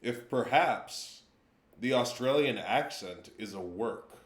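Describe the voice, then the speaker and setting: A man chatting on a livestream, talking in long deadpan riffs at a middling pitch. His voice bounces around a noticeably echoey room. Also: slow pace. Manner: rambling, deadpan joking. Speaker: wrestler co-hosting a livestream. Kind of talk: casual livestream chat.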